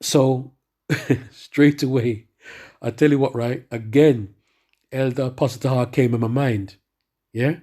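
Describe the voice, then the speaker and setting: A man's voice: mid-range voice, a little slow, pauses often, a little mellow. A man giving a rambling spoken testimony who keeps checking in with his listeners as he tells his story. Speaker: church member giving testimony.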